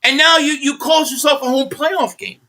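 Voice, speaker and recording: A man's voice: extremely high pitch, fairly even intonation, moderate pace, bright, forceful tone. A man hosting a live stream, angrily ranting about a football game, swearing bluntly and repeating his points while reading viewer messages. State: angry.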